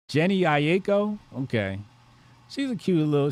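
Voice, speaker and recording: A man's voice: mid-range voice, animated, a little slow. A man hosting a livestream, joking crudely and reacting to his chat. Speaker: livestream host.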